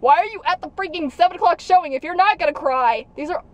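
A young woman chatting excitedly about a film in a parked car. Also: extremely high pitch, quick pace, rough recording. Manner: gushing, bursts into loud acted quotes. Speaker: vlogger. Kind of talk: excited casual chat.

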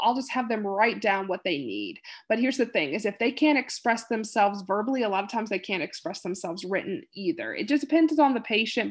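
A woman nursing instructor giving a casual recorded lecture, chatty and rambling, with many fillers and patient quotes acted out. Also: mid-range voice.

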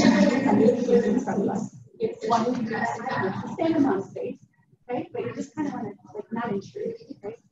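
A middle-aged woman from Wisconsin tells a light, funny story to a room as a guest speaker. Her voice sits a bit high and keeps checking in with the audience. The recording is dull, noisy and distant, with a lot of room echo. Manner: chatty, humorous, keeps checking in with "right?". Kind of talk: storytelling presentation. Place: meeting room.

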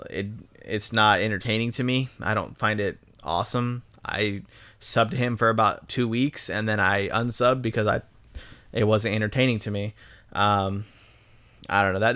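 A man's voice: lowish voice, fairly bright tone. Rambling, profane young man from Texas. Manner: rambling and profane, full of ums and restarts. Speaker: gaming YouTuber. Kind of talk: casual commentary over gameplay.

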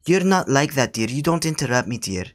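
A fussy, scolding old grandmother who ends nearly every sentence with "dear" and wanders from point to point, as a man puts her on for a prank call. Her voice stays on a middling pitch. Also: expressive, brisk, natural voice. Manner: says dear constantly, scolding, meandering. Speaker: scambaiter.

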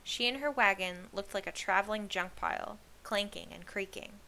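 A woman reading a children's novel aloud as host, with lively storytelling delivery. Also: medium pitch, normal speed, gravelly, a little hiss or hum.

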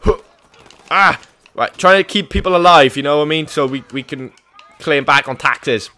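Young gamer, fairly high and punchy voice, clowning as the boss cop, yelps then mutters. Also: male voice, normal speed. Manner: excitable, swings between loud yelps and muttered asides. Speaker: gaming channel host. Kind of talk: joking cop role-play during multiplayer gameplay.

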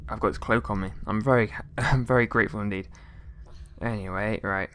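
A man's voice: fairly low pitch, steady tone, brisk, noisy background. A man giving casual gameplay commentary, rambling along with jokey, mock-outraged asides and mild swearing. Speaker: let's play gamer.

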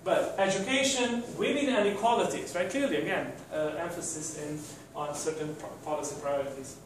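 Guy lecturing w lots of ums, kinda high voice, super echoey room, mic far off. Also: fairly quick, slight background noise. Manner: hesitant, many fillers and restarts. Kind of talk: university lecture.

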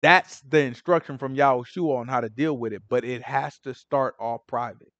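A man's voice: mid-range voice, normal speed, dry recording, dull audio. A man teaching a Bible study in casual street slang, acting out the people in the story as he retells it. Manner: street slang, acts out characters, animated. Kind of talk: casual sermon retelling scripture.

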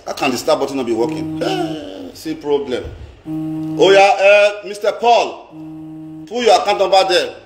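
A man's voice: fairly high pitch, big pitch swings, normal speed, roomy sound, over music. Chatty Nigerian man on a livestream. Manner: chatty, dramatic, mixes pidgin, repeats phrases. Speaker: live-stream host. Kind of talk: casual live-stream storytelling.

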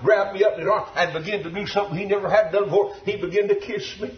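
A man preaching a revival sermon with fervor, shouting and half-singing his lines in surges. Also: sits high, fairly even intonation, fast talker. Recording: dull lo-fi recording.

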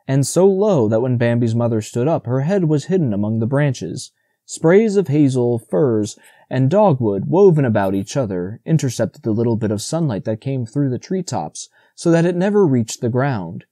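Man narrating with a dark, mellow voice. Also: medium pitch, dry recording, studio quality. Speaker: audiobook narrator. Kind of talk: scripted narration.

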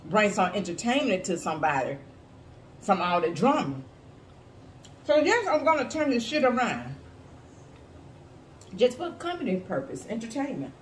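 A woman's voice: mid-range voice, very animated, moderate pace, pauses often, recorded from a distance. A woman giving blunt, sassy, profane commentary in a casual reaction video. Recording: echoey room with faint hiss.

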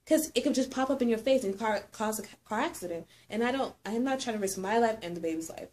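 A pregnant woman telling a story in casual chat, animated and acting out the voices of the people in it. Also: fairly high pitch, quick pace. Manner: animated, acts out quoted voices.

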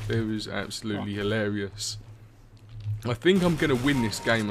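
A man's voice: lowish voice, slight background noise. A young man, chatting casually over gameplay in a rambling, swear-heavy way. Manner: rambling, swears often, laughs at own stories. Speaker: gaming commentator.

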